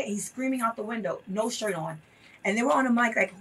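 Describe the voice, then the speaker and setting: A woman's voice: a little high, lively intonation, quick pace, a bit bright, husky, far from the mic. A woman guest telling a story in an interview, earnest and impassioned, repeating phrases for emphasis.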